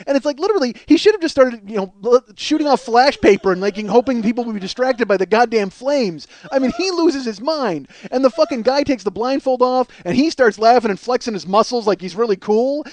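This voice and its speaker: A man in his forties, a podcast host telling a comic story in a profane, animated way, often laughing, on a close podcast mic. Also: very high-pitched, fairly quick, few pauses. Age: 40s. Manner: profane, animated, swears freely and breaks into laughter.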